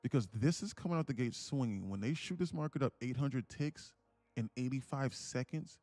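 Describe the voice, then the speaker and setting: A man hosting a live day-trading stream, preaching emphatically and repeating himself as he pitches memberships. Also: normal speed, warm tone, dry recording. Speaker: day-trading livestream host.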